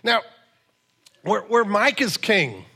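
A man's voice: high-pitched, big pitch swings, slow, pushed and bright, slightly rough. A man in his forties preaching a sermon in a conversational, storytelling way, with emphatic asides. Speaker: pastor.

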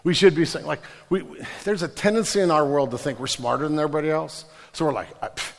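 A man's voice: a little high, fast, vocal fry. A male pastor giving a sermon in a casual, joking storytelling way with slang, heard with long reverb from a large hall.

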